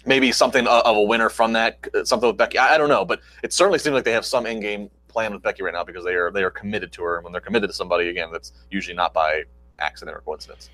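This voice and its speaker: Male podcast co-host, low voice, rapid halting delivery, dry close sound. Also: sharp tone, poor audio. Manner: quick, halting, many restarts. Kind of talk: casual chat.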